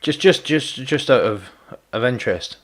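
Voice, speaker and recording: This is a man streaming a game and talking loosely with his audience, his voice medium in pitch, animated, and moderately paced. He pokes fun at viewers and keeps stumbling on repeated words.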